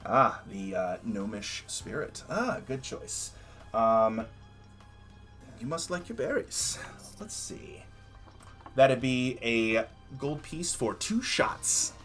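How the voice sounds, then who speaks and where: A man's voice: mid-range voice, lively intonation, slow, a bit bright, faint music behind. A man voicing a jovial male tiefling bartender with a hearty, drawling manner. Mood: welcoming. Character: gruff clawed male tiefling barkeep, jovial.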